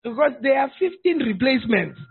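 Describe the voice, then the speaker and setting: A man preaching a sermon as pastor, animated and humorous, often shouting for emphasis. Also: very high-pitched, fairly quick, vocal fry. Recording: tinny phone-like sound.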